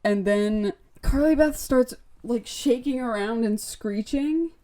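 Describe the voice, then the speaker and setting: Chatty woman with a mellow voice. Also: on the high side, takes it slowly. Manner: chatty, lots of "like" and acted-out quotes. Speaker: podcast co-host. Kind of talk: casual book recap.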